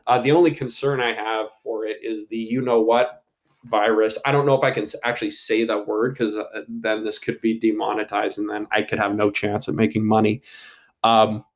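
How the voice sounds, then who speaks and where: A man's voice: fairly low pitch, level tone, moderate pace. A man giving casual solo commentary on an upcoming movie, rambling with many fillers and restarts and swearing casually.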